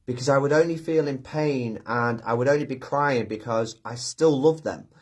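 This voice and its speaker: A man hosting a live chat, talking gently and from the heart with many pauses and restarts. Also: mid-range voice. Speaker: live stream host. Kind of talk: casual live chat, reading viewer comments.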